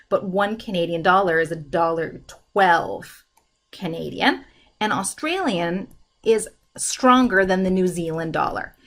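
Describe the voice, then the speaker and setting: A woman teaching a math lesson, working through problems in a steady, step-by-step way at a desk microphone. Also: on the low side. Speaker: math instructor.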